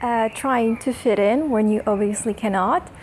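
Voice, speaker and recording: A woman's voice: on the high side, moderate pace, darkish tone, a little hiss or hum. A young woman from Croatia talking casually to camera in a vlog, chatty and self-deprecating, at times emotional. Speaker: vlogger. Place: outdoors in a hot town.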